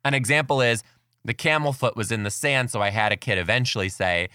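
A man hosting his podcast and telling classroom stories as a kindergarten teacher, chatty and excitable, laughing often. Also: on the low side, a little fast, dry recording, studio quality. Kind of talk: casual storytelling monologue.

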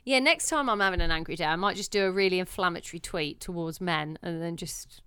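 A woman's voice: lowish voice, fast talker, bright, forceful tone, clear, resonant tone, no echo, clean studio sound. Teasing woman podcast co-host. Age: young adult. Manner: teasing, joking. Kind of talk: casual chat.

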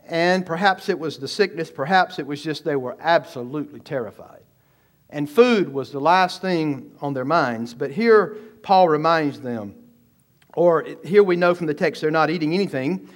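A man preaching an expository sermon, emphatic and full of rhetorical questions, slowing down and speeding up. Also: on the high side, animated. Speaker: pastor.

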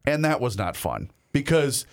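A man co-hosting a casual chat show, telling stories in a relaxed, chatty way. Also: medium pitch, moderate pace. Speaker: co-host.

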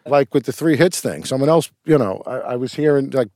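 A man's voice: medium pitch, animated, a little fast, darkish tone, no echo, studio quality. A middle-aged man, an actor, telling rambling stories with restarts and casual swearing in an interview.

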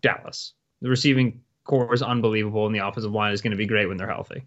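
A man's voice: lowish voice, steady tone, quick pace. A man co-hosting a casual podcast, talking loosely with lots of fillers. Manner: loose, rambling, heavy on fillers. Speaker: podcast co-host. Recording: slightly muffled, lo-fi.

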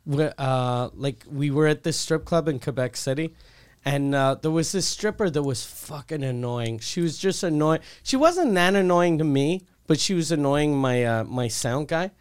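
Man, comic storyteller, clear and smooth voice, a bit higher than most, crude, loose and chatty. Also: expressive, normal speed. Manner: storytelling, swearing, acts out voices in quotes. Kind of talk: casual comedic chat.

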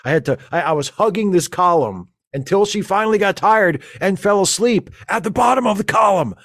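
A man's voice: high voice, lively intonation, brisk, fairly bright tone, no room sound, clean studio sound, heavily acted. A man playing a flustered, rambling space-fleet lieutenant who stammers through a comedic audio monologue.

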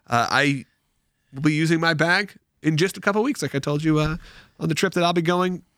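A man who has school-age kids, hosting a podcast, chatting casually and reading sponsor ads in an animated, jokey way. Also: fairly high pitch, brisk, no room sound, studio quality. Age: adult with school-age children. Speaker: podcast host. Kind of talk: casual chat and host-read ad.

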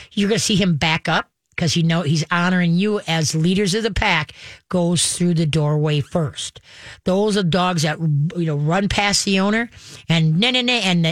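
Call-in radio host and dog trainer, mid-pitched, chatty, methodical, dry booth sound. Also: dry recording. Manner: chatty, step-by-step instructions, acts out dog and owner voices.

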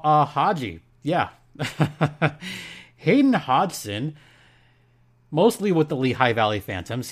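Playful man hosting a hockey podcast. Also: medium pitch. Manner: playful and jokey, reads ad in hype voice. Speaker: podcast host. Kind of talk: casual sports podcast talk.

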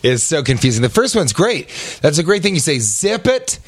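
A man's voice: fairly high pitch, big pitch swings, moderate pace, no echo. A man hosting a casual comedy podcast, joking and acting out silly bits. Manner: playful, jokey, acts out bits in silly voices. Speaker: podcast host.

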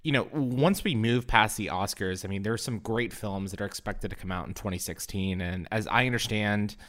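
A man's voice: on the low side, fairly quick, fairly bright tone. A man hosting a podcast, asking questions in a conversational way with many fillers. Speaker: podcast host. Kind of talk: casual podcast interviewing.

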